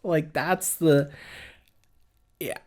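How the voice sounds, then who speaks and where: A man hosting a podcast in relaxed back-and-forth conversation. He teases his co-host with dry, quick comebacks. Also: on the high side. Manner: wry, teasing, quick comebacks. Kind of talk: casual chat.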